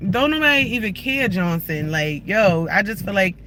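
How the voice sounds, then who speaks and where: A man's voice: high-pitched, sing-song, normal speed. A man live-streaming from his car while driving, ranting in a profane, combative way at his viewers. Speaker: livestreamer. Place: inside a moving car. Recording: loud car road noise.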